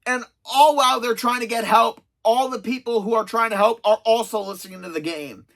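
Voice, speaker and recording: A chatty reviewer in their thirties with a bright, forceful voice, counting down favourite episodes. The talk wanders and restarts, with a dry, sarcastic edge throughout. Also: mid-range voice, a little fast, gravelly. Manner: chatty, self-described sarcastic, rambling with restarts. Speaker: video reviewer. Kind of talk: casual spoken episode countdown.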